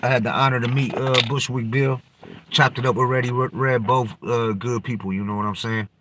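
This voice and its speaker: A man's voice: medium pitch, fairly even intonation, brisk, fairly bright tone. A man hosting a podcast, talking loosely in slang and profanity and jumping from topic to topic. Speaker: podcast host. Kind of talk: casual rambling chat.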